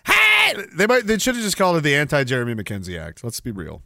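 Bright, lively man hosting a rant stream. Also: medium pitch, very fast, vocal fry, no echo, studio quality. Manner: sarcastic, rambling, mocking asides. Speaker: podcast host. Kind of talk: casual livestream rant.

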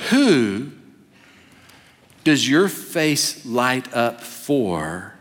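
A man in his fifties preaching a sermon as a pastor, animated and humorous, acting out quotes. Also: medium pitch, very slow. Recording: long hall reverb.

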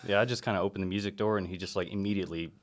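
A man's voice: sits low, steady tone, racing. A man in casual chat as a podcast guest, laid-back and rambling, swearing freely. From Arkansas, US. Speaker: podcast guest, black metal musician.

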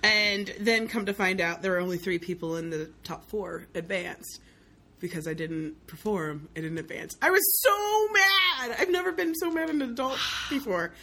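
A woman's voice: on the low side, normal speed. A young woman from the Southern United States, a guest telling stories in casual conversation and acting out the voices of the people in them. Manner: animated storyteller, acts out quoted voices, laughs often. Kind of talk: casual chat.

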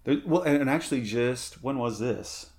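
A man co-hosts a podcast, chatting casually with a friend. His pitch moves around freely and he rambles, stacking fillers and restarting his sentences. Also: animated, normal speed, darkish tone. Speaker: podcast co-host. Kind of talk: casual chat.

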